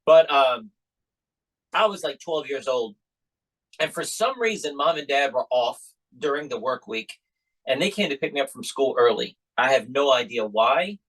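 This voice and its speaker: Animated man telling a family story. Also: medium pitch, normal speed, poor audio. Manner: animated storyteller acting out quoted voices. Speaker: podcast host, magician. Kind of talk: casual storytelling chat.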